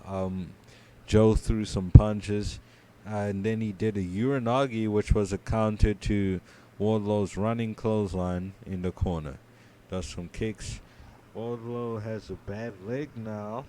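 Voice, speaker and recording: Sleepy, slow-talking low male voice. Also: mellow, a little hiss or hum. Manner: drowsy, low-key play-by-play with many fillers. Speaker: podcast co-host. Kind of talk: casual match recap.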